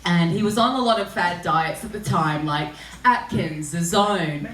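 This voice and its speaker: Her voice sits fairly low yet sounds fairly bright, and she speaks at a measured pace. Performing stand-up in a small venue, she shares crude stories at her own expense and laughs mid-line. The mic is distant in an echoey room, picking up audience laughter and reactions.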